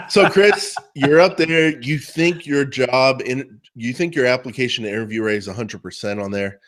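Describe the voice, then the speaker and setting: A man's voice: medium pitch, moderate pace. A man on a podcast spins a teasing, jokey story in loose, casual talk. He ribs his co-host as he goes and sounds at ease. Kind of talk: casual chat.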